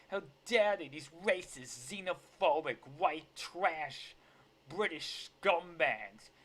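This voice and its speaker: Man putting on a parody politician, shrill, shouting, drawn-out, indignant. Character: shrieking, outraged male liberal politician parody.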